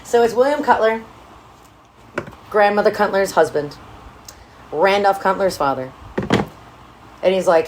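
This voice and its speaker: A woman co-hosting a casual book-recap podcast, swearing freely and acting out the characters in quick quotes. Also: mid-range voice, background noise. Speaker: podcast co-host.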